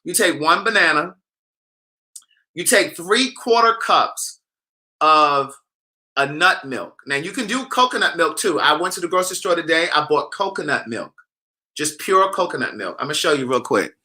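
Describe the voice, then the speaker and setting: A man hosting a casual vlog, talking to camera in an animated, sassy, teasing way. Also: a little high, moderate pace. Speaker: vlogger host.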